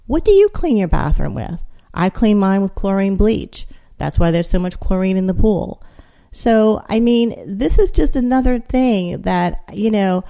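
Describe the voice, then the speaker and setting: A woman's voice: medium pitch, mellow. Chatty, gossipy woman radio host. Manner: chatty, gossipy and incredulous, with many "you know" fillers. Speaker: radio talk show host. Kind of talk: comedic talk radio monologue.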